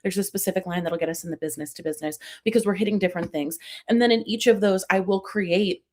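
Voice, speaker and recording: A woman with a Long Island accent, a comedian and brand strategist talking casually as a podcast guest, animated and quick to laugh at herself. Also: mid-range voice. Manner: animated, laughs often, self-deprecating.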